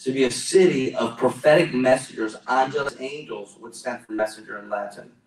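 A man's voice: medium pitch, a little fast. A male pastor preaching a sermon in a church hall, exclamatory and calling for responses from the congregation. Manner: exclamatory, calls for audience responses. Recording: roomy echo, mic at a distance.

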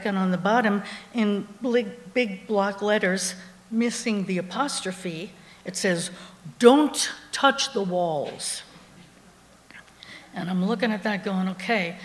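A woman telling a true story on stage to a live audience, conversational and wry, laughing along as she goes. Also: mid-range voice. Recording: long hall reverb from a live theater.

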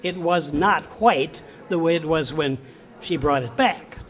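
An older man from Wisconsin, recalling his old store job with folksy, unhurried anecdotes for a local audience. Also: a little high. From Wisconsin, USA.

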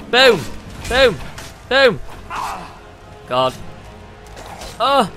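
A man giving excitable let's play commentary, yelping and tossing out goofy exclamations. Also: on the high side, takes it slowly, pauses often, faint music behind. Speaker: gamer.

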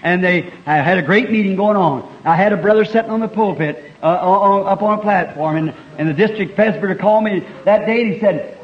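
A man preaching a sermon at a church meeting, telling folksy stories with repeated refrains and building to fervent shouts, heard on a dull lo-fi early 1960s tape. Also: high-pitched, a little fast, few pauses.

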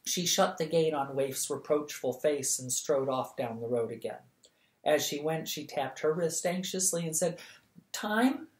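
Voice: medium pitch, moderate pace. Story reader in an echoey room. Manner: steady, lively, acts out the dialogue. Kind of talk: audiobook reading of a novel.

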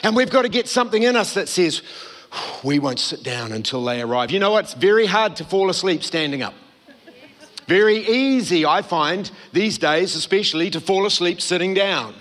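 A man's voice: high-pitched, normal speed, fairly bright tone. A man preaching a sermon, telling the story and acting out the quoted voices. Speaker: pastor. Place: church hall.

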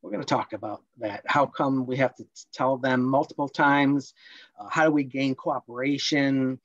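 A man presenting a parenting workshop online, explaining points and acting out scolding parents in quick role-plays. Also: medium pitch, steady tone, a bit bright, no echo, muffled recording.

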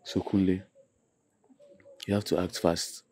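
A man's voice: low voice, little pitch movement, measured pace, darkish tone, slight background noise. A young man with a Nigerian accent playing a blunt teen boy who earnestly advises his friend.

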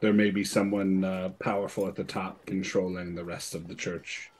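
A man playing a tabletop game, talking casually in a halting, hesitant way. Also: low voice, level tone, a little mellow, husky. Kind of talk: casual tabletop role-play chat.

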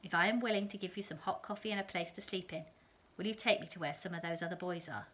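A woman reading aloud, voicing a kind, soft-spoken Victorian teacher with a gentle manner. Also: high voice, fast. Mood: coaxing.

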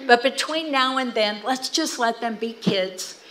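A woman's voice: on the high side, measured pace, poor audio. A middle-aged woman telling family stories to a church audience, acting out what family members said. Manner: animated storytelling, acting out quoted family talk. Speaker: guest speaker. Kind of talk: storytelling talk to a church audience.

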